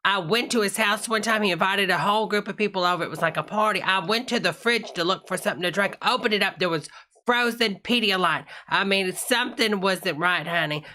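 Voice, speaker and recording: A woman's voice: medium pitch, brisk, bright, forceful tone. A woman hosting a casual live stream, chatting with viewers and calling everyone honey.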